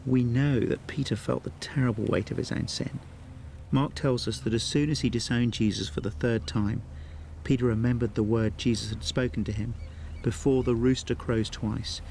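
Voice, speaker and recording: A man, a pastor, giving a scripted Bible teaching talk in an earnest, measured way with dramatic pauses. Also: medium pitch, vocal fry, a little mellow, a little hiss or hum.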